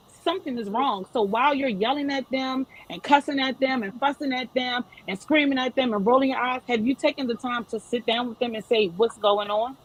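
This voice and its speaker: Husky-voiced woman in her thirties. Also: high voice, low-quality recording. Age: 30s. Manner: earnest, emphatic advice to parents. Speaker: panel guest. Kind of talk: panel discussion.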